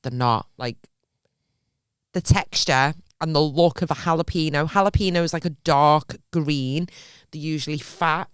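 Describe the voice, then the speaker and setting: A woman's voice: low voice, measured pace, smooth, no room sound, clean studio sound. A woman with a Runcorn accent co-hosting a podcast, telling stories in a sweary, ranting way. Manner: ranting, sweary, lively storytelling. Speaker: podcast co-host. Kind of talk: casual chat.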